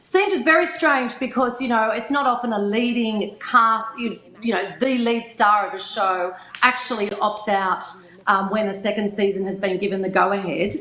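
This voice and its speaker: A woman's voice: mid-range voice, normal speed, bright, forceful tone, roomy sound, poor audio. A woman reporting film news in a casual chat, upbeat and fluent with some fillers.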